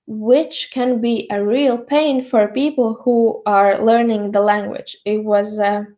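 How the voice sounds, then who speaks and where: A woman's voice: on the high side, fairly even intonation, muffled recording. A young woman with a Latvian accent giving a slide lecture, with frequent ums and uhs. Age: young adult. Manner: many ums and uhs, measured.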